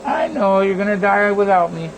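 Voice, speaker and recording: A man's voice: high-pitched, flat delivery, normal speed, background noise, voice pushed up. A man mimicking a shifty woman seller who haggles over money in a sly, wheedling voice. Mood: indignant.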